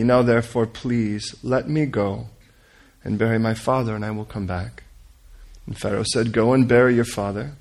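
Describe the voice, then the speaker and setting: Earnest man reading scripture aloud. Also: medium pitch. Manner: earnest reading with stumbles and corrections, coaxes listeners to repeat names. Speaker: Bible teacher.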